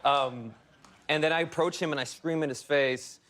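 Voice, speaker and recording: A young man, an actor guest, rambling through animated stories with laughter in a casual interview. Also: fairly high pitch, normal speed, very noisy.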